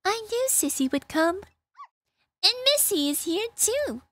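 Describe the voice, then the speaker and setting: A woman's voice: very high voice, sing-song, measured pace, a bit bright, pitched above the performer's own voice, exaggerated voice. A woman voicing a small sweet girl. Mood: relieved. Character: frightened sweet young girl. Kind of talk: reading game dialogue aloud.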